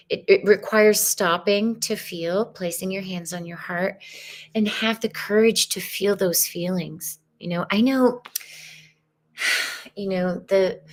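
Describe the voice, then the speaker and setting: A woman with a soft, earnest manner, giving a live spiritual tarot reading. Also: lowish voice. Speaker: tarot reader.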